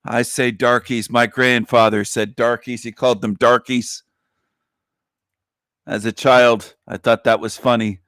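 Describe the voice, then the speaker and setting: A man hosting a livestream show, speaking at a middle pitch. His delivery is repetitive, taunting and sing-song. The sound is dry and close to the mic, with no room echo. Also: flat delivery, a little slow, a bit bright. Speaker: online show host. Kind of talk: mocking livestream monologue.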